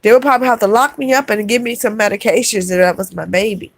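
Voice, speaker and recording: A woman's voice: medium pitch, steady tone, fast, no echo. Heartfelt woman talking to her viewers. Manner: heartfelt, repetitive, addresses viewers as y'all. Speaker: vlogger reading live chat. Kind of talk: emotional livestream chat.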